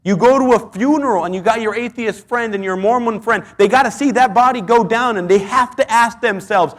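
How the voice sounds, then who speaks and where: Male pastor, high voice, earnest sermon delivery with lots of rhetorical questions. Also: brisk, hardly any pauses.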